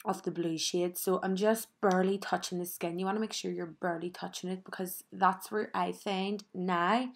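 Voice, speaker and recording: A young Northern Irish woman talks through a makeup tutorial, her voice stuffy and congested from a cold. She speaks in a low, flat, even tone, chatty and full of little fillers. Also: moderate pace, gravelly, hardly any pauses. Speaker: makeup vlogger.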